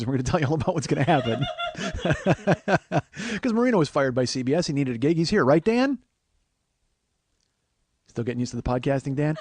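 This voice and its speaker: Recorded on a close studio mic with no room sound, this man hosts a comedy podcast in a somewhat mellow, mid-range voice with a breathy edge. He rambles casually, makes fun of himself, and drops into silly voices.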